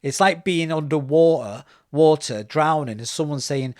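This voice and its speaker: A man hosting a podcast interview, talking in a loose, chatty way. He gets animated as he tells personal stories and slips into the voices of the people he quotes. The recording is dry and close, with no room sound. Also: a little high, normal speed, hardly any pauses, dry recording. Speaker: podcast host. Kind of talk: casual interview chat.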